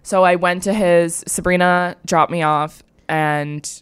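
A woman's voice: on the low side, steady tone, slow pace, smooth, dry recording. Young woman rambling through a confession. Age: young adult. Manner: rambling confessional storytelling, many likes. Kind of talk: casual chat.

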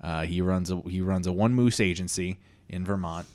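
Lowish male comedy podcast co-host. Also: darkish tone. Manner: rambling, halting with restarts. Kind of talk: improvised comedy storytelling.

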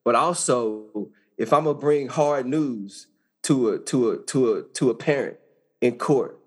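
A man's voice: medium pitch, measured pace. Guy talking on a podcast, folksy, keeps repeating words as he finds his way. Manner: repeats words while finding his phrasing. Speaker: guest, judge. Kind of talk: conversational podcast interview.

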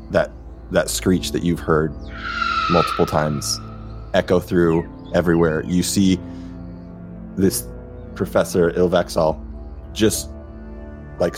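A man running a tabletop fantasy game as game master, narrating in a relaxed, halting way with many restarts. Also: low-pitched.

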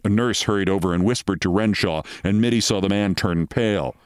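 A man hosting a show, reading a short story aloud in measured, dramatic narration. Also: on the low side, smooth, no room sound, studio quality.

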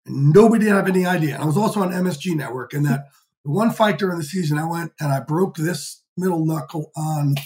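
A man in his fifties, a podcast guest telling lively, profane stories in a casual interview. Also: a little high, quick pace. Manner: energetic, profane, animated storyteller. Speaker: podcast guest, sports insider.

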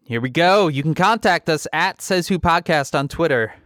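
A man's voice: on the high side, animated, moderate pace, fairly bright tone, dry recording. A man in his forties co-hosting a casual podcast from his home basement, with dry, joking banter. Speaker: podcast co-host. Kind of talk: casual chat.

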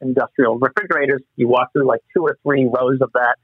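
A man being interviewed as an actor, telling lively anecdotes and acting out the people he quotes. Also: medium pitch, brisk, breathy edge, no room sound. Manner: animated storyteller acting out quotes. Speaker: actor guest. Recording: muffled phone-line sound.

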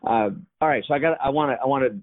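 A man's voice: mid-range voice, rapid-fire. A man hosting a casual interview, giving encouraging responses and asking about his guest's story. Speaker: podcast host. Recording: tinny phone-like line.

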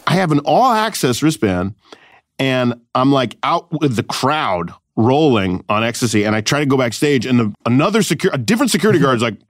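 A man in his thirties hosting a comedy podcast, telling a story in a lively, profane, filler-heavy way and laughing often. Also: medium pitch, brisk, no room sound, clean studio sound. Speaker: podcast host.

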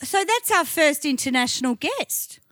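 A man's voice: very high voice, sing-song, moderate pace, dry recording, studio quality. A man with an Australian accent co-hosting a podcast, telling playful, sweary stories and joking around. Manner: loud, sweary, playful storyteller. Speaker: podcast co-host. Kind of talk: casual banter.

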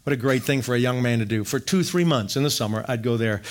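A middle-aged man from Wisconsin telling his faith story in an animated, jokey storytelling manner. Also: medium pitch, fast. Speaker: speaker sharing testimony. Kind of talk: storytelling testimony talk.

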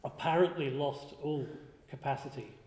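A man giving a contemplative spiritual talk, speaking slowly and reflectively, often pausing and restarting his phrases. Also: a little high, darkish tone. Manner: slow and reflective, with frequent restarts and pauses. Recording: roomy hall with long reverb.

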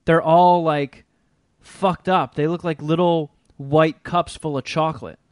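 Casting: male podcast host, slightly high voice, dry close sound, loose rambling storyteller who swears freely. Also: fairly even intonation, unhurried, clean tone, dry recording. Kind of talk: casual chat.

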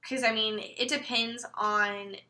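A young actress chatting casually as a podcast guest, hesitant with frequent fillers and quick laughs. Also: female voice, on the high side, fairly even intonation, pushed and bright. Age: young adult. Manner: hesitant with many fillers, giggly.

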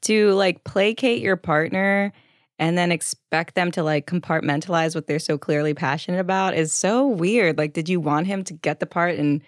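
A woman's voice: lowish voice, moderate pace, dry recording, studio quality. A woman guest on a podcast, analyzing characters in a thoughtful, analytical way. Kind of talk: casual podcast discussion.

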